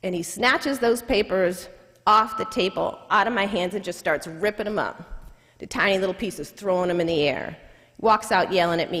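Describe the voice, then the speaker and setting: A woman's voice: medium pitch, moderate pace, a bit bright. A woman who is a civil rights lawyer, telling a personal story in a public lecture in a college hall, emphatic and repeating key lines for effect. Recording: echoey hall with long reverb.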